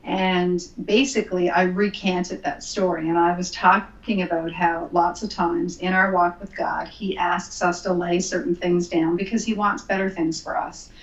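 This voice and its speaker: A woman's voice: lowish voice, little pitch movement, moderate pace, hardly any pauses, reverberant, highs cut off. Earnest woman telling her faith story. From Canada. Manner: earnest storytelling with many ums. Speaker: podcast guest, author. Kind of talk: casual interview, telling her testimony.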